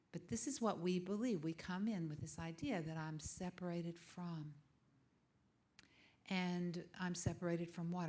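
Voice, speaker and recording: A woman giving a conversational sermon, asking the congregation questions and dropping to soft whispers for emphasis. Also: on the low side, steady tone, unhurried. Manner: laughs easily, asks the congregation questions. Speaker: guest speaker.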